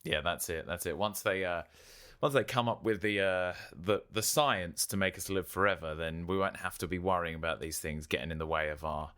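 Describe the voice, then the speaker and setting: A man's voice: low voice, a bit bright, clear, resonant tone. A man co-hosting a podcast, chatting casually with wry jokes and long asides. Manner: wry, joking, drawn-out asides. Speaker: podcast co-host. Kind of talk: casual chat.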